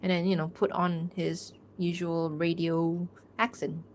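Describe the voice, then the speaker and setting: A woman's voice: on the low side, level tone, a little slow. Young woman streamer, rambling and chatty, laughs easily, light background hiss. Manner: rambling, chatty, many "like" fillers, laughs often. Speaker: artist streaming a drawing Q&A. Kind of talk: casual livestream chat while drawing.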